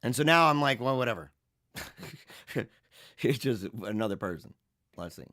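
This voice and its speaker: A man hosting a casual livestream, reading viewer comments and chatting in an animated, laughing way. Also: medium pitch, no echo, studio quality. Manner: animated, laughing, drawn-out slang. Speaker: livestream host.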